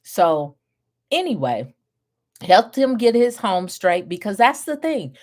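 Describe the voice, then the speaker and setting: A middle-aged woman mentoring group home owners, telling a story in an animated way, laughing often and acting out what people said. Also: medium pitch, takes it slowly. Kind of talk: storytelling to viewers.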